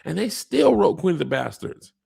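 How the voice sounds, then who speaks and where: A man's voice: high-pitched, sing-song, normal speed, vocal fry, darkish tone, slightly rough, voice pushed up, heavily acted. A man voicing a whiny, dim young male dragon rider who sulks and fawns in a raised voice. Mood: fawning. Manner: whiny, sulking, fawning.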